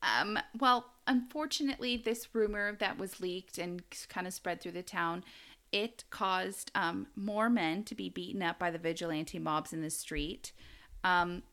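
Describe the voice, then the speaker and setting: A woman's voice: fairly low pitch, a little slow, fairly bright tone. An American woman co-hosting a casual true-crime podcast, telling the story with frequent laughs and asides. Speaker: podcast co-host.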